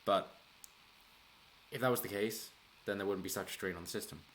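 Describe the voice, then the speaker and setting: A man's voice: on the low side, brisk, fairly bright tone, a little hiss or hum. A man hosting a casual solo political commentary, rambling with restarts and chuckling as he talks. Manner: rambling, frequent restarts, chuckles while talking. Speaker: political commentary channel host.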